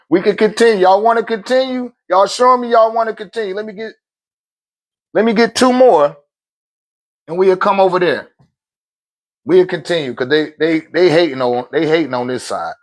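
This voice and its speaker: A man with a fairly high voice talks straight into his phone on a livestream. He preaches in loose, slangy bursts and laughs often as he makes his points. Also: normal speed, pauses often. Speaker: livestream host. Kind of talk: casual livestream talk.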